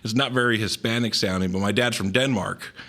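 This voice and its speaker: A man's voice: on the low side, a little fast, a bit bright. A man in his forties with a Southern Californian accent, telling stories as a podcast guest in an easygoing way, mixing in Spanish slang. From Mexico, raised in Southern California. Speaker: guest, pedal builder. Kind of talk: casual podcast chat.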